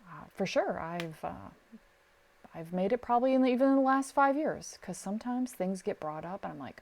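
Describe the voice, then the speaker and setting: Animated woman telling a work story. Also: medium pitch, moderate pace. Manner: animated storyteller, acts out quotes. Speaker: podcast co-host, sound recordist. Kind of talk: casual advice chat.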